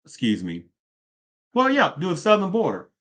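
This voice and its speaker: A man's voice: high voice, huge pitch swings, normal speed, a bit bright. Rambling man firing rhetorical questions. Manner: rambling, rhetorical questions, frequent self-corrections. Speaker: video commentator. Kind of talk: opinionated political commentary.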